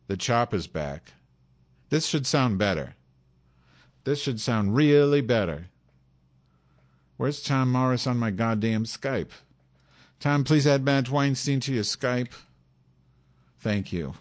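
A man hosting a live online show, cursing constantly and exasperated with his technical setup. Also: mid-range voice. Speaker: livestream host. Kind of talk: frustrated casual livestream chat.

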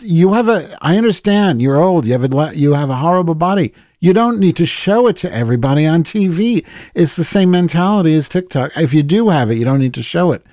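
A man's voice: medium pitch, mellow, no room sound, studio quality. A man co-hosting a podcast, talking bluntly and snarkily in casual chat. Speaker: podcast co-host.

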